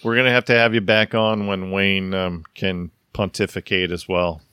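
Male podcast host, low, smooth voice, dry close sound, brief and affable. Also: flat delivery, normal speed, pushed and bright, dry recording. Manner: brief, affable acknowledgements, reads out scores. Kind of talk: casual chat.

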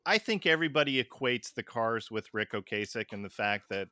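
Male podcast host, chatty trivia-minded delivery, clear bright tone in a dead-dry booth. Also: mid-range voice, lively intonation, a little fast, no room sound. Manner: chatty, quizzes co-hosts with trivia. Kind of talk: casual music review chat.

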